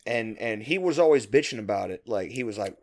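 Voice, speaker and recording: A man's voice: lowish voice, expressive, fairly quick, a little mellow. A man talking casually with a friend, telling a long, rambling work story. He swears freely and piles on fillers and restarts. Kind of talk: casual chat.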